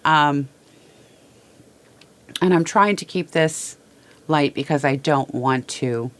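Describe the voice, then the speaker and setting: Low, slow-talking grieving woman host. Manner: halting, emotional, repeats words, fighting tears. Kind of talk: heartfelt personal talk to viewers. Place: small studio.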